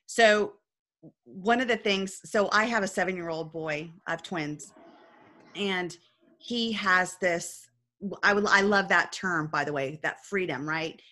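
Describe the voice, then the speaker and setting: A woman's voice: lowish voice, unhurried, sharp tone. A woman coach talking earnestly in a casual discussion, telling a story and often checking in with "right?".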